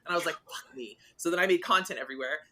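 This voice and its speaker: A woman's voice: sits low, very fast, bright, forceful tone. A woman in her forties, a guest author chatting casually on a podcast, telling stories animatedly, acting out the dialogue and swearing freely.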